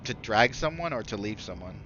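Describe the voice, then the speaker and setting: A man's voice: lowish voice, lively intonation, brisk, pushed and bright, a little hiss or hum. A man narrating a tabletop game as game master, rambling with many fillers and restarts, in a dull lo-fi recording.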